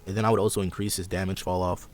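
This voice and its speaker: A man's voice: sits low, little pitch movement, rapid-fire, a little mellow, faint music behind. A young man hosting a casual gaming chat, rambling and a bit sarcastic as he walks through his ideas. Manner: laid-back, rambling, sarcastic. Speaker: podcast host.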